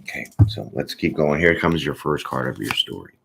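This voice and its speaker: A man's voice: very deep voice, expressive, brisk, vocal fry, fairly bright tone, a little hiss or hum. A man doing a casual, chatty tarot reading, joking and laughing often as he goes through the cards. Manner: chatty, laughs often, jokes and acts out little bits. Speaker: tarot reader.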